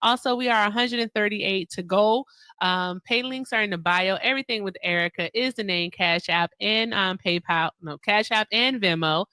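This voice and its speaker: A woman runs a live stream in a blunt, lively way, laughing often and hyping her viewers. Her voice sits mid-range for a woman. The sound is dry and close. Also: mid-range voice, normal speed, clean tone, dry recording. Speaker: livestream host. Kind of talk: casual live-stream chat and debate.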